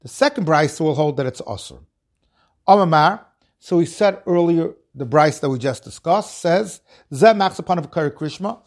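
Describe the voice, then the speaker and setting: Man, Talmud lecture, slightly high voice, reads phrase then explains. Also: lively intonation, moderate pace. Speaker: Talmud teacher. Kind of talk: Talmud lecture, translating line by line.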